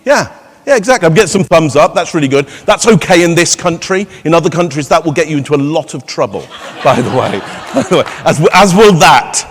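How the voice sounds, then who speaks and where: A man's voice: fairly high pitch, animated, fairly quick. A man giving a live conference keynote, playful and teasing the audience with rhetorical questions. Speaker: keynote speaker. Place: large conference hall. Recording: long hall reverb.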